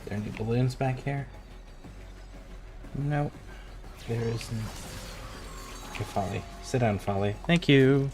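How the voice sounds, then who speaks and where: A man's voice: medium pitch, slow pace, long pauses, darkish tone, faint music behind. A man streaming a video game, chatting casually with viewers and ranting with plenty of swearing. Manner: profane, ranting, jokey. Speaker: livestream gamer. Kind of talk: casual gaming livestream chat.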